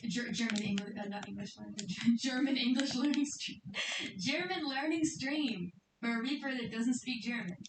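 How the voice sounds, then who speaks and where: A woman's voice: fairly high pitch, moderate pace, distant mic, background noise. Chatty woman streamer in an echoey room. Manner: rambling, chatty, giggly. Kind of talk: casual chat.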